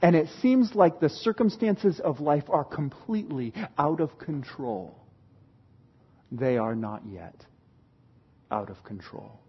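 Male preacher, unhurried delivery, swings between loud storytelling and quiet emphasis. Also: a little high, expressive, slightly rough, lo-fi sound. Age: adult parent. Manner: dramatic, shifts from loud retelling to hushed emphasis. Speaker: pastor. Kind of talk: sermon.

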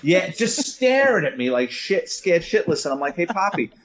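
A middle-aged man, a former police officer telling a profane, animated story and acting out the dialogue in a casual talk. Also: a little high, moderate pace. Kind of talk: casual anecdote on a podcast.

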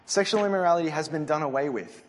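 A man's voice: a little high, fast. A young man giving a sermon, earnest and conversational, often restarting his sentences. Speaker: preacher. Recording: reverberant hall.

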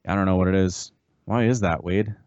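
A man co-hosting a podcast in casual, rambling chat that jumps up in pitch when he's amused. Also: fairly even intonation, fairly quick, a little mellow, highs cut off, slight background noise. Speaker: podcast co-host.

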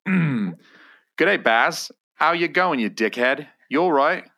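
A man putting on a thick Australian accent as a crude, cheery bloke, with loud, slangy banter. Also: on the high side, lively intonation, slow pace, pitched above the performer's own voice, full character voice. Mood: rowdy. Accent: put-on thick Australian.

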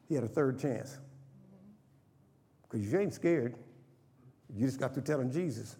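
Lively, colloquial preacher in an echoey hall. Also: male voice, medium pitch, a little slow, long pauses. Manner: lively, colloquial, calls to the congregation. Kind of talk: sermon.

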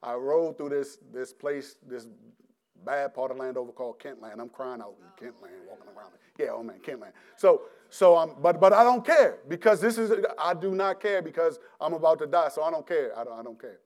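A middle-aged man giving a personal testimony as a preacher, animated and halting, often restarting his words, acting out his past self and breaking into laughter. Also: a little high.

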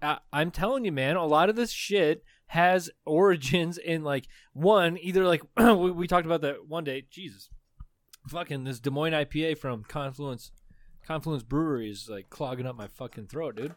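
A man's voice: on the high side, normal speed, dry recording, studio quality. A man co-hosting a podcast in casual, profane, rambling chat, a little tipsy after two beers. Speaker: podcast co-host.

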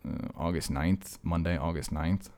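This male vlogger has a deep, darkish voice with fairly even intonation and an unhurried delivery. Talking casually to the camera, he rambles and jokes, drifting from one story to the next.

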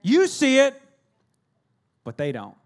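A middle-aged man preaching a sermon as a pastor, telling stories with humor and swinging between loud and hushed delivery. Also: extremely high pitch, huge pitch swings, slow pace.

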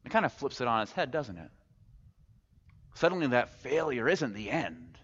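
Casual-talking preacher in an echoey hall. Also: male voice, mid-range voice, very animated, normal speed, fairly bright tone, husky. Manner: conversational, rhetorical questions, casual humor. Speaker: pastor. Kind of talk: sermon. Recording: echoey hall, muffled sound.

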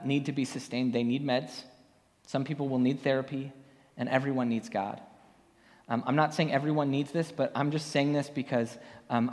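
A man's voice: medium pitch, a little mellow. A male pastor delivering a sermon in an easygoing, storytelling manner, with frequent ums and restarts. His voice sits in a middle register for a man. The sound carries a long hall reverb. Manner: conversational storytelling with many fillers.

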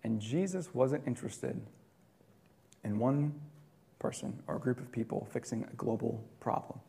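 Gravelly conversational male preacher. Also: medium pitch, moderate pace. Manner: conversational, wide swings from loud to quiet. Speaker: pastor. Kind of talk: sermon.

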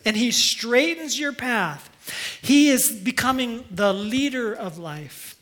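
A man's voice: very high voice, expressive, slow pace, a bit bright. A man preaching a sermon as pastor, earnest and emphatic, leading the congregation in call-and-response in a church.

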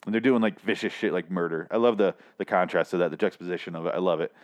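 A man with a fairly low voice talks through a TV episode in a loose, rambling monologue. He swears freely and drops sardonic asides into his own microphone. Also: very fast. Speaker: show recap host. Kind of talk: casual TV recap monologue.

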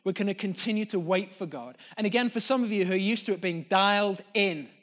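A man's voice: high-pitched, fast talker, fairly bright tone. A man preaching a sermon as pastor of a church, speaking earnestly and off the cuff, reflective between points. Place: church gathering.

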